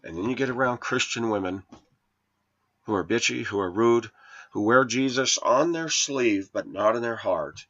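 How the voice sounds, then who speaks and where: A man's voice: mid-range voice, moderate pace, a bit bright. A man in his forties from the United States, talking through a long, earnest and aggrieved personal monologue as a vlogger. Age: 40s. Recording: dull lo-fi recording.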